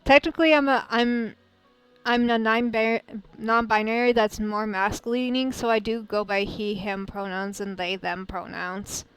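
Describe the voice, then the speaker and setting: A young American woman streaming a visual novel as a VTuber, chatting in an animated, rambling way with frequent laughs and somewhat polite phrasing. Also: fairly high pitch, measured pace, clean tone, no echo, faint music behind, low-quality recording. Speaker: VTuber let's-play streamer. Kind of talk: casual game commentary.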